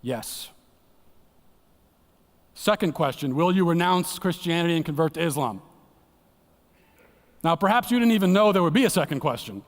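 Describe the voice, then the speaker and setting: Earnest preacher with a reverberant church sound. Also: male voice, expressive, a little fast. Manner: earnest, dramatic, drops to a hushed low voice for emphasis. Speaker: guest speaker at church. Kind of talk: sermon. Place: church sanctuary. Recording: long church hall reverb.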